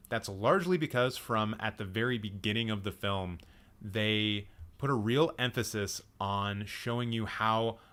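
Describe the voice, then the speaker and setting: A man's voice: lowish voice, sharp tone. A man hosting a live movie chat stream, thinking aloud with frequent ums and restarts as he reacts to the chat. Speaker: livestream movie chat host. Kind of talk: casual live-stream film discussion.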